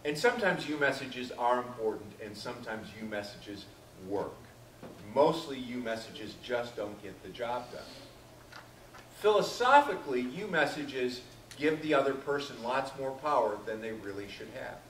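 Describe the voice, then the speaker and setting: A man's voice: medium pitch, distant mic, slight background noise. Man lecturing a class, echoey room. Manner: questions students by name, acts out quoted lines. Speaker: teacher.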